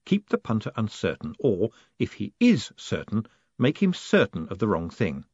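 A man narrating a story in a husky voice with a lively, rolling pitch and a dry, wry delivery. The recording is dry and slightly dull, with no room sound. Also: normal speed, no room sound. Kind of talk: audiobook narration. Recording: dull, dry studio read.

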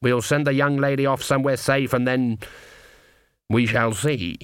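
A man's voice: medium pitch, fairly even intonation, moderate pace, clear, resonant tone, no room sound, studio quality, lightly acted. A man voicing a stern, blunt old witch woman in a storybook reading, speaking decisively.

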